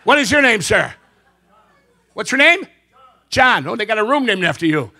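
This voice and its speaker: Man, comedy magician on stage, high bright voice, punchy joke timing, stage mic. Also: sing-song, moderate pace. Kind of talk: stand-up joke telling on stage.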